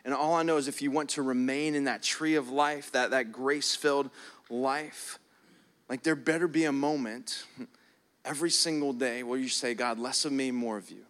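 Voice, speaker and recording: With soft keys in the background of a church hall, a man preaches as pastor in a medium pitch, fairly even intonation, and moderate pace. Earnest, he repeats words often and stretches them for emphasis.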